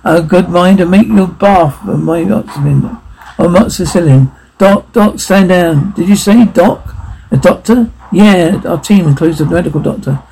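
A man performing a one-man audio drama, voicing every role and switching between clipped military voices and plain talk, with a gravelly voice. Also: high voice, unhurried, dark tone, slight background noise, low-quality recording.

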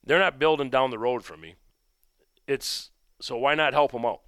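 A man hosting his own podcast, telling a story in a rambling, conversational way and dropping low and quiet when he recounts his own remarks. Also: moderate pace, clear, resonant tone, no echo, clean studio sound. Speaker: podcast host and gun shop owner. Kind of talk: casual storytelling monologue.

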